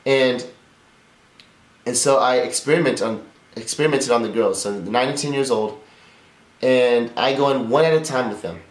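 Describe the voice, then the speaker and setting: A man's voice: mid-range voice, normal speed, pauses often. A man co-hosting a casual talk show, speaking openly and with loose, profane storytelling. His voice sits mid-range, and the recording carries a noticeable room echo. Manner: candid, profane, rambling storytelling. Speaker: podcast co-host. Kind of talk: casual conversation. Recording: roomy echo.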